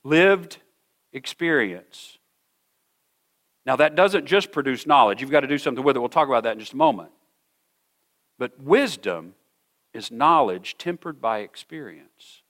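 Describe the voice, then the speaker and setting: A middle-aged man preaching a sermon to a congregation in a church hall, earnest, often repeating words and slowing down to stress a point. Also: medium pitch, lively intonation, fairly bright tone. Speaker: pastor.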